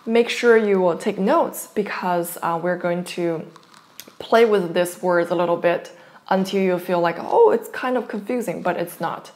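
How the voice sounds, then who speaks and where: A woman's voice: lowish voice, unhurried, darkish tone. A woman teaching a lesson, patiently saying each word twice for the learner to follow. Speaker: Chinese language teacher. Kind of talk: online language lesson.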